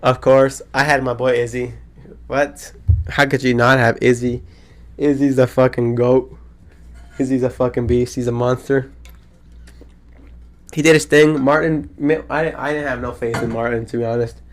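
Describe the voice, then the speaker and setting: Excitable slangy young male podcaster. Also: medium pitch, moderate pace, long pauses. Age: around 20. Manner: excitable, slangy, swears a lot, rambling. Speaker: podcast host. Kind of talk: casual solo podcast chat.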